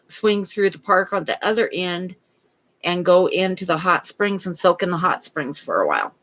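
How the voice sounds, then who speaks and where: A livestream host chatting casually and telling a joke in a relaxed, rambling way. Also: medium pitch, low-quality recording.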